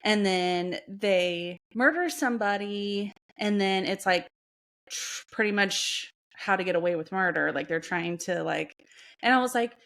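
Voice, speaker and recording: A woman's voice: mid-range voice, measured pace, a bit bright. A woman co-hosting a podcast, telling rambling stories in casual chat and laughing often. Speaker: podcast co-host.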